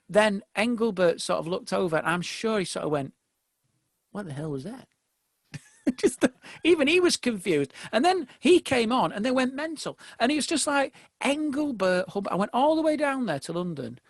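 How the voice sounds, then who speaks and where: A male comedian guest on a podcast, telling rambling anecdotes with laughs and quick impressions. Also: high voice, vocal fry, dry recording. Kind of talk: casual podcast chat, comic storytelling.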